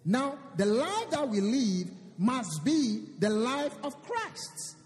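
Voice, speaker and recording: High-pitched lively preacher in a hall. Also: male voice, slow pace, faint music behind. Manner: preaching with scripture reading and call-and-response emphasis. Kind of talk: sermon.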